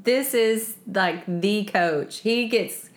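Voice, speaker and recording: A woman in her late forties co-hosting a podcast. She talks loudly and chattily and laughs often, with a voice scratchy from shouting. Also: mid-range voice, drawn-out words. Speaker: podcast co-host, chef. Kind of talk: casual podcast chat.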